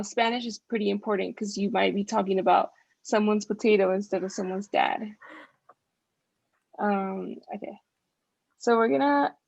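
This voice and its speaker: A woman's voice: medium pitch, gravelly, no room sound. A young woman teaching a casual online Spanish lesson over a video call, filling her speech with "like" and "um". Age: young adult. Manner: many fillers like "like" and "um". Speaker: student Spanish tutor.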